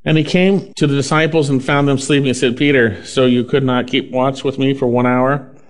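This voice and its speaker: An earnest male preacher delivering a sermon at a mid-range pitch. He reads scripture aloud, lifting some phrases with emphasis and slowing others down to a hushed, deliberate pace. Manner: earnest, swings between loud emphasis and slow hushed phrases.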